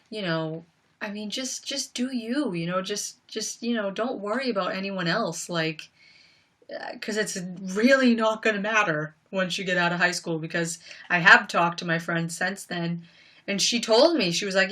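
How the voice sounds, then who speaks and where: A woman's voice: mid-range voice, sharp tone, distant mic. A young woman hosting a livestream, talking casually and emphatically, rambling with lots of fillers. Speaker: livestream host.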